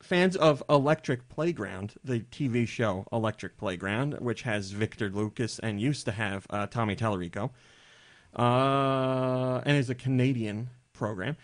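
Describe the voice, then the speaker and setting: Man, podcast host, casual chat, jokey, rambling, mid-pitched voice. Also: unhurried. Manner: chatty and jokey, rambling asides.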